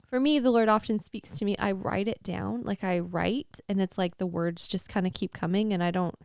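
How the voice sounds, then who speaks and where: Earnest rambling woman, gravelly edge. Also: mid-range voice, fairly even intonation, moderate pace, darkish tone, no echo, clean studio sound. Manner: earnest, rambling, many "like" fillers. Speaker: podcast co-host. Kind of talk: candid faith podcast conversation.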